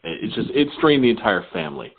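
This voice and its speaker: A man's voice: lowish voice, sing-song, fairly quick, background noise. A man with a Southern American accent interviewing a guest, asking long, rambling questions with frequent restarts. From southern United States. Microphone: phone call. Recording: tinny phone line.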